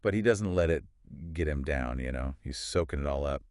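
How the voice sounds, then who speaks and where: Deep-voiced upbeat male podcast host. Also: lively intonation, darkish tone, no echo, clean studio sound. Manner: upbeat, quick short phrases. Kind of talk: casual podcast chat.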